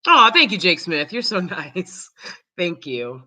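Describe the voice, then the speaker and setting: A woman hosting her own live stream, ranting loudly and cursing heavily in casual talk. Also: lowish voice, very animated, takes it slowly, low-quality recording. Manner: loud, profane, heated. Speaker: channel host.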